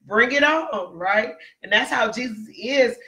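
Woman preaching on a livestream, bright forceful voice, keeps saying right?, says hi to viewers. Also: fairly high pitch, expressive, measured pace. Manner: repetitive, keeps asking "right?"; greets viewers by name mid-sermon. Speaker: preacher in a ministry. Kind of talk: livestreamed Bible teaching.

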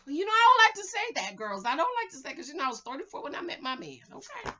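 A high, very lively woman recaps a reality show with sass and drama, her voice swinging between hushed asides and shouted outbursts. Her tone is sharp and bright, and the recording sounds a little dull and lo-fi. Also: fast, few pauses. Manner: animated and sassy, breaks into loud exclamations.

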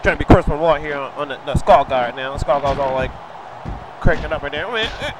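A man's voice: a little high, fast talker, poor audio. A man commentating a wrestling video game in a rowdy comedic way, yelping, cursing and groaning in mock pain. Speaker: gamer commentating a wrestling game as his character. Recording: loud crowd noise behind.

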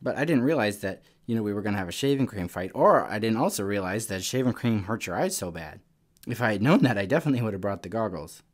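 A young man teaching a children's Sunday school lesson, telling a story in a casual, lively way. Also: on the low side, fast. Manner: casual, storytelling to kids, animated.

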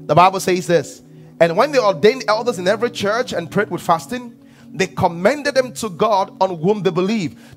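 High-voiced Nigerian pastor preaching. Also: male voice, moderate pace, faint music behind. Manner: preaching with call-and-response questions and swings from hushed to shouting. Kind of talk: sermon.

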